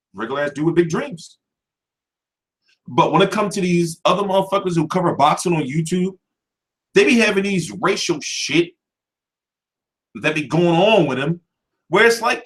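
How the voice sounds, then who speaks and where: Brash, animated man ranting. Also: sits high. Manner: brash and animated, swears constantly. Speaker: boxing channel host. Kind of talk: profane rant to camera.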